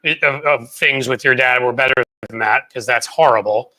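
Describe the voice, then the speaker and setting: A man's voice: medium pitch, moderate pace, bright, forceful tone. A man in his forties hosting a casual political chat show, blunt and profane, rambling through his stories. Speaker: host.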